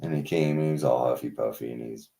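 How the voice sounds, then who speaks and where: Very deep gravelly man telling a story. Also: fast, mellow. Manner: rambling storyteller, profane, many fillers. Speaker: tow truck driver telling a story. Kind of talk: casual podcast chat. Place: indoors, streamed talk show.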